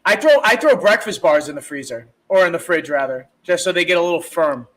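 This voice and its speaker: High-voiced, rambling, profane podcast man. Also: fairly quick, rough recording. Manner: rambling, animated, swears a lot. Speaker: podcast co-host. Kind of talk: casual profane chat.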